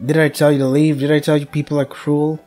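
A man voicing a cold, controlling mother in a game, speaking slowly in a low, stern, lecturing way. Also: level tone, mellow, soft background music, natural voice. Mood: scolding. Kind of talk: voicing a visual novel character.

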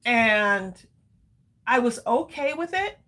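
A woman's voice: a little high, very animated, slow, sharp tone. Chatty woman hosting a live stream. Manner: chatty, rambling, frequent ums and laughs. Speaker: livestream crafting host. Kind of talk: casual live-stream chat.

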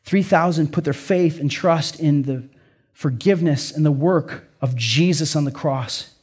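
A middle-aged pastor with an Upper Midwest American accent delivers a sermon in an earnest, conversational way, peppering his points with "like" and "right?". His voice sits somewhat high for a man. He sounds sincere and direct, as if talking with his congregation. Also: measured pace, a little mellow, slightly rough.

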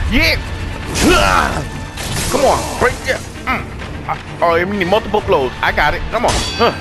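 A young man casually commenting on his gameplay, loud and excitable, cursing and trash-talking the enemies. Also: high voice. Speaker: gaming channel host.

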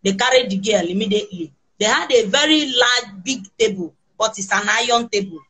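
A Nigerian woman with children recounts her ordeal in halting, restarting sentences. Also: mid-range voice, bright, forceful tone, slightly rough, rough recording. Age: adult with children. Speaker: kidnapping survivor interviewed.

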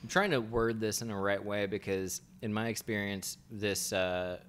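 A man's voice: fairly low pitch, normal speed, a bit bright, clean tone. A man co-hosting a podcast in casual chat, rambling and searching for words with lots of fillers. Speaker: podcast co-host.

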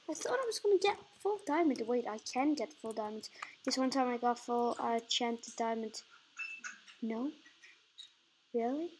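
A woman's voice: fairly high pitch, moderate pace, pauses often, a little mellow, a little hiss or hum. A woman giving playful, chatty commentary while playing a video game, talking to herself as she goes. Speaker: gaming channel host. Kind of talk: casual gameplay commentary.

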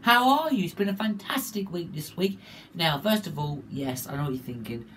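A man, hosting his weekly vlog while nursing a cold with a stuffy nose and sore throat. He talks in a showy, upbeat way, jumping between bright greetings and low asides. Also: expressive, normal speed, noisy background. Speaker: vlogger and show host.

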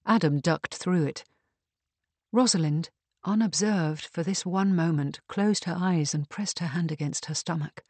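A woman narrating a historical mystery audiobook in an even, measured reading. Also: fairly low pitch, slightly rough, dry recording. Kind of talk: scripted narration.

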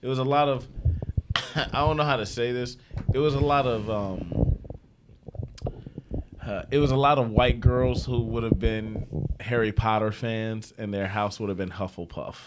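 A man co-hosting a casual podcast chat, his voice sitting at an ordinary middle pitch. He laughs often and talks in a loose, animated, profane way. Faint background noise sits under the recording. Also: measured pace, long pauses. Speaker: podcast co-host.

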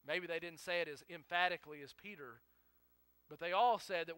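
A man's voice: fairly high pitch, fairly quick, sharp tone, clear, resonant tone, no room sound. A male pastor preaching a sermon in an earnest way, acting out the quotes he reads and often correcting himself mid-sentence.

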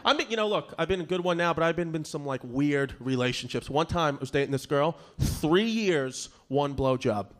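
On a comedy club stage, a Brooklyn, New York comedian with a slightly high, expressive voice rolls through a brash, profane set with crowd work. He keeps a moderate pace with few pauses, and the live recording carries the audience's noise and laughter.

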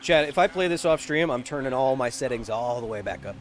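A man's voice: medium pitch, lively intonation, brisk. A man streaming a video game with casual, rambling commentary and jokey asides. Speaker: gaming streamer.

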